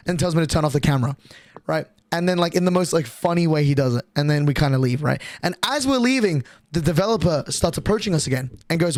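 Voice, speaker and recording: A man's voice: fairly high pitch, quick pace, no echo. A young man streaming, telling a rambling, profane story and acting out quotes in a casual way.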